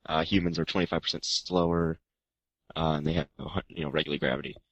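A man's voice: extremely low pitch, fairly even intonation, quick pace, no echo, lo-fi sound. A man co-hosting a gaming podcast, chatting casually and laughing. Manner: reads listener mail, jokes around. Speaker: podcast co-host. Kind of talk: casual chat.

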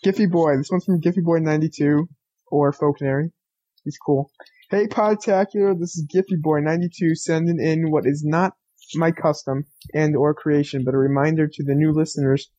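A man's voice: fairly high pitch, mellow, poor audio. A man co-hosting a casual gaming podcast, teasing the others and reading listener mail. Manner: teasing, giggly. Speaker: podcast co-host.

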